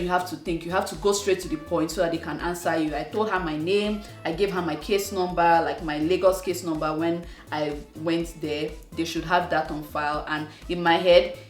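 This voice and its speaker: A woman from Nigeria with a Nigerian accent, telling a personal story to her channel in an animated, exasperated way. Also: fairly low pitch, roomy sound, far from the mic. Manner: animated, exasperated retelling with acted-out quotes. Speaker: vlogger. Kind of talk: casual storytelling to camera.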